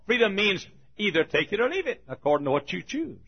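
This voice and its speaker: A man's voice: sits high, very animated, a little fast, slightly rough. An older man preaching a folksy sermon, telling stories with frequent chuckles and restarts. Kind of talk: sermon storytelling. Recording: dull lo-fi sermon recording.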